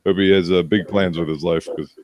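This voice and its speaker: A man in his thirties with a low voice tells a blunt, profane story in casual podcast chat. He is recorded dry and close on the mic. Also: steady tone, a little fast, a little mellow, dry recording. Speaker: podcast co-host, bar manager.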